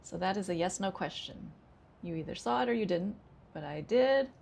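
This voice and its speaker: An American woman who teaches English as a second language, speaking each model sentence slowly and with exaggerated intonation. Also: lowish voice, expressive, gravelly, darkish tone, a little hiss or hum. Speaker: ESL teacher. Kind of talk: pronunciation lesson.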